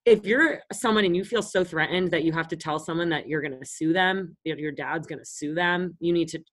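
A woman's voice: low-pitched, fairly quick. A woman around thirty, co-hosting a podcast and telling stories in a casual, blunt and profane way. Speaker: podcast co-host. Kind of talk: casual chat.

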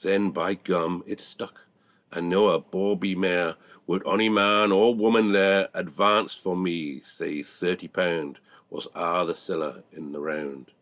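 Scottish guy reading out a long poem, bit low, steady rhythm. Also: no echo. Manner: measured, rhythmic storytelling. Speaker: reciter. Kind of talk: recited dialect verse.

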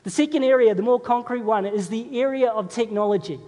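Talking a little fast in a warm voice with an extremely high pitch, this male pastor delivers a conversational, story-based sermon in church and asks his congregation questions. Long reverb from a large hall fills the recording.

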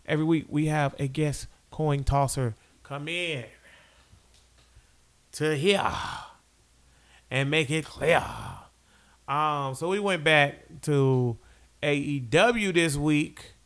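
A man co-hosting a podcast, talking loudly and trash-talking in casual sports chat. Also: fairly high pitch, slow, pauses often. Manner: loud, animated trash talk. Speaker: podcast co-host.

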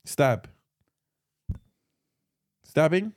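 A young British man co-hosting a podcast, bantering loudly and swearing through a guessing game with his friend. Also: a little high, expressive, drawn-out words, no room sound, studio quality. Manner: loud laughing, joking, swearing. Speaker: podcast co-host.

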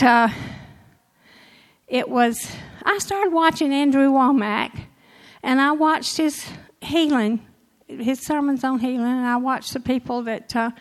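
A woman's voice: on the high side, rough recording. An older woman giving a personal testimony at church, telling her story with emotion, laughter and quoted dialogue.

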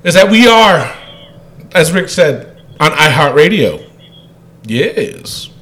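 A man's voice: a little high, big pitch swings, takes it slowly, sharp tone. A man co-hosting a podcast, casually chatting, laughing often and reading listener comments aloud. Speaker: podcast co-host.

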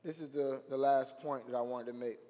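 A young man preaching a sermon in an animated, slangy storytelling way, his voice rising to shouts at the high points. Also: brisk. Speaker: guest preacher. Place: church sanctuary. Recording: long hall reverb.

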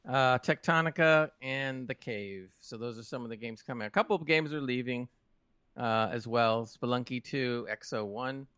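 A man's voice: mid-range voice, moderate pace, fairly bright tone, smooth, no room sound, studio quality. A British man co-hosting a gaming podcast, rambling through the week's game news with restarts. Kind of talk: casual chat.

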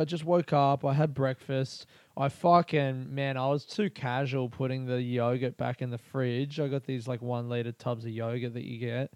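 A man's voice: mid-range voice, a little mellow, clear, resonant tone, no echo. An Australian man hosting a casual solo podcast from a small bedroom, rambling, swearing freely and laughing often. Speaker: podcast host.

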